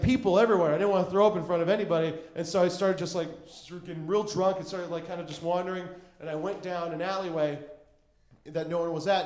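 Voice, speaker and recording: A man's voice: on the high side, echoey room. A young man telling a rambling stand-up story on a comedy stage, full of fillers and acted-out quotes.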